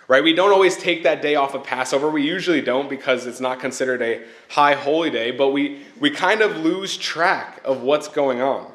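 An earnest man preaches a short sermon in a fairly high voice. He keeps circling back to repeat key points and asks his listeners "right?" as he goes. The sound carries the echo of a hall. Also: fairly bright tone. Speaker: church speaker.

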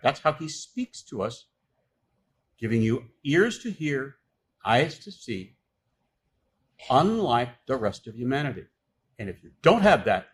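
A man's voice: mid-range voice, husky. A man preaching a sermon, reading scripture aloud and explaining it with emphatic, insistent delivery. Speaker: pastor.

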